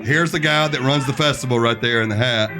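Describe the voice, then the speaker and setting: Man telling a lively story. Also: medium pitch, fairly quick, music in the background. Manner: animated, acts out other people's lines in the story. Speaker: podcast guest, musician. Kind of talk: casual storytelling.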